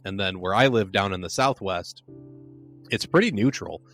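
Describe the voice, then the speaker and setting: A fairly low-pitched American man with a near-neutral accent and a faint Chicago twinge. He talks in a loose, rambling way, full of "like" and quick restarts. It sounds like a remote podcast conversation. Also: a bit bright, soft background music. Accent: near-neutral American with a slight Chicago twinge. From Arizona, United States. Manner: rambling, lots of "like" fillers and restarts. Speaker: podcast guest, flooring business owner. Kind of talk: casual conversation.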